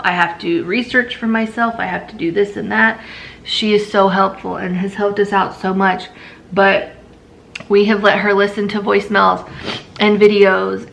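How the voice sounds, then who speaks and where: Tired mother venting to her viewers, with a gravelly, fry-heavy voice at a middle pitch. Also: fairly bright tone. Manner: weary, drained venting. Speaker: mother vlogger. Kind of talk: candid personal vlog.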